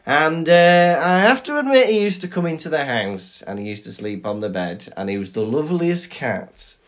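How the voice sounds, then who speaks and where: A man co-hosting a podcast chats casually and tells stories animatedly, laughing often. His voice is fairly high and his pace moderate.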